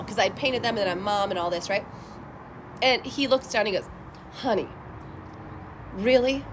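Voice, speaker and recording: A woman's voice: a little high, background noise. A young adult woman giving a casual tarot reading vlog, talking bluntly and swearing freely. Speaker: tarot reader.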